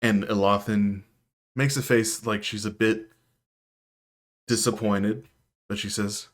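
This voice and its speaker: A man narrating as game master of a tabletop game, in a calm, measured way. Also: fairly low pitch.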